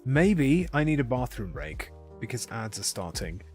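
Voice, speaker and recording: A man's voice: mid-range voice, sing-song, unhurried, faint music behind. A man chatting casually with viewers during a live game stream, rambling and correcting himself as he goes.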